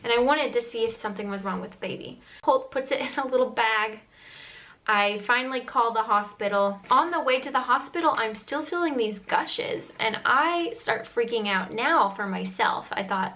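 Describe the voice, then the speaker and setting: A woman's voice: a little high, animated, moderate pace, bright, forceful tone, low-quality recording. Earnest young woman vlogger retelling a story. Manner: earnest, emotional retelling with frequent "like" fillers. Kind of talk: chatty personal storytelling.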